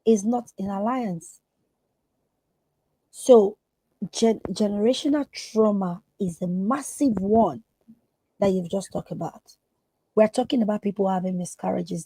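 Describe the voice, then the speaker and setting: A woman's voice: mid-range voice, normal speed, creaky, dark tone, breathy edge, no room sound, low-quality recording. A woman therapist speaking as a podcast guest, earnest and emphatic. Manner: emphatic, acts out quoted voices.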